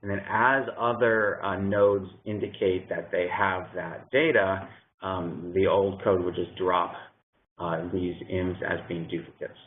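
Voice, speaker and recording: Man, conference presenter, low voice, halting with fillers, tinny narrow sound. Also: steady tone. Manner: hesitant, many ums and uhs; explanatory, working through a slide aloud.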